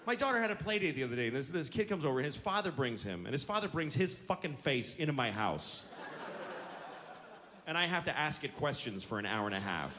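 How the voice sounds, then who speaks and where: Grumpy male comic in his forties, animated delivery over noisy ambience. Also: brisk. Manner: grumpy, ranting, trailing into low mumbles. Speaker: stand-up comedian. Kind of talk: stand-up routine.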